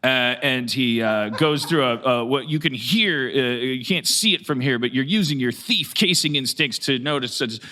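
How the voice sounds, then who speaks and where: A man running a tabletop game, improvising his scene descriptions. He speaks haltingly and keeps searching for the next word. His voice is bright and clear, at a middling pitch. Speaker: game master.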